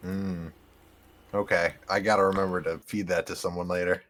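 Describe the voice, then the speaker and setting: A man's voice: sits low, flat delivery, normal speed, a bit bright. A man playing his character in a tabletop game, casual and joking in a laid-back way. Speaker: player.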